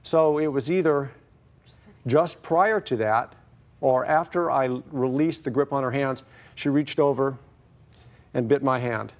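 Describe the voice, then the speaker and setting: A middle-aged man telling his story in court, halting and full of fillers. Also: medium pitch. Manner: hesitant, halting, many fillers. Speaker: plaintiff. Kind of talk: testimony in court.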